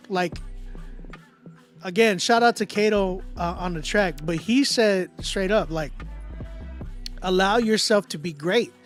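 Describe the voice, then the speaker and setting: Host type: male music reviewer, high voice, loose slangy delivery, faint music behind. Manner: animated, conversational, drops in slang and filler. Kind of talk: casual song critique, talking to viewers.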